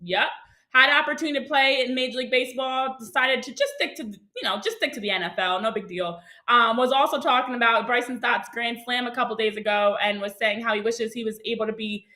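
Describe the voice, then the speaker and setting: A woman co-hosting a casual sports show, upbeat and quick to laugh. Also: on the high side, bright, forceful tone, roomy sound, low-quality recording.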